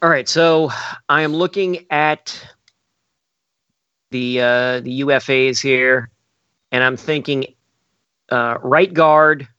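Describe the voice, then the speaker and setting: A man in a casual podcast chat who thinks out loud and fills his pauses with "uh". His voice is bright and forceful, but the recording is dry and a bit dull. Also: mid-range voice, clean tone, no echo. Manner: thinking aloud, filler-heavy.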